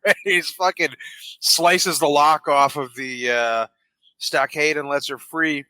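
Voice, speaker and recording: A man hosting a podcast, retelling a film scene in an animated way, swearing and laughing often. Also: on the high side, slow, dry recording. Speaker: podcast host. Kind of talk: casual film recap.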